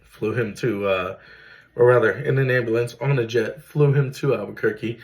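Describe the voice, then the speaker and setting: A man's voice: medium pitch, moderate pace, darkish tone, low-quality recording. A man, earnestly telling his own emotional story as a father, with many fillers. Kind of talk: personal storytelling to camera.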